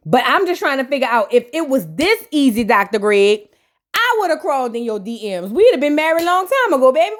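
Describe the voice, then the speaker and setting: Sassy high-voiced woman reviewer. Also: a little fast. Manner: sassy, gossipy, slangy and animated. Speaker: reality TV reviewer. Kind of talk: casual reaction commentary.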